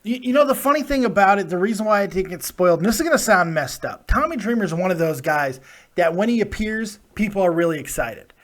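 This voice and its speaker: A man hosts a live call-in show in a fairly high voice. He talks casually and emphatically, jokes with his callers, and swears without a second thought. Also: fast. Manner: animated, emphatic, swears freely, playful with callers. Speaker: host of a live call-in wrestling review show.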